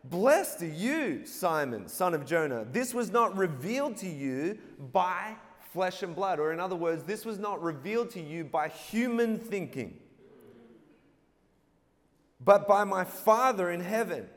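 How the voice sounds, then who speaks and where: A man's voice: sits high, lively intonation, a little slow. A man preaching a sermon, playful, calling out for the congregation to answer back and laughing at his own jokes. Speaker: pastor. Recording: long hall reverb.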